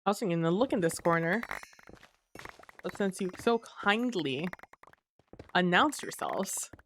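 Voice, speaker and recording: Lowish voiced sleepy woman chatting w her stream while gaming, faint clicks in the back. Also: a little slow, a little hiss or hum. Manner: relaxed, chatty, muses aloud to chat. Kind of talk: casual live gameplay chat.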